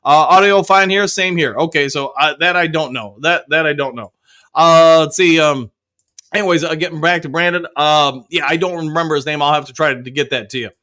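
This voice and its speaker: Man, live show host, middle-aged, chatty, bright forceful voice. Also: a little high, brisk. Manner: chatty, upbeat, reads viewer comments aloud with whoops. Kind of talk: casual live-stream chat reading comments.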